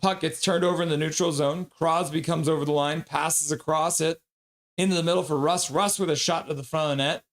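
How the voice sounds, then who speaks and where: Male streamer, fairly high voice, live hockey play-by-play with chat reading. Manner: rapid play-by-play, bursts into loud excited voices when reading chat.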